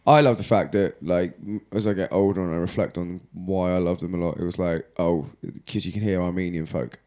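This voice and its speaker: Deep-voiced man, rambling chat. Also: fairly even intonation, a little fast, darkish tone. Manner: rambling, sweary, jokey. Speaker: podcast co-host. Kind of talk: casual chat.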